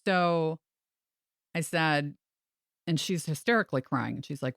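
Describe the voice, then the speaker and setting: A woman's voice: deep voice, a little slow, pauses often, no echo, studio quality. A woman who works as a realtor, telling a story in a casual chat and acting out the people she quotes. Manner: animated, acts out quoted voices. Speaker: realtor and podcast host.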